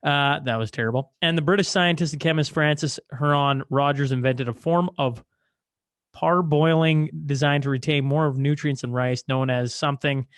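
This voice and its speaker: A man's voice: on the high side, fairly even intonation, moderate pace, no room sound. A man hosting a podcast, chatting casually and reading articles aloud to his guest. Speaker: podcast host. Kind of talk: casual chat.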